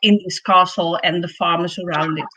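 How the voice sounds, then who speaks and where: A woman from the Netherlands calling in as a guest, talking in a hesitant, halting way with many fillers. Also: lowish voice, fairly even intonation, pushed and bright, a little hiss or hum, rough recording. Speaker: guest caller. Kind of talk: casual chat.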